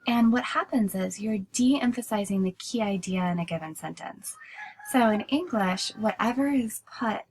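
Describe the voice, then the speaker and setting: A woman's voice: medium pitch, normal speed, a little hiss or hum, rough recording. A woman teaching a writing class in a recorded lecture, explaining steadily and often restarting with "so".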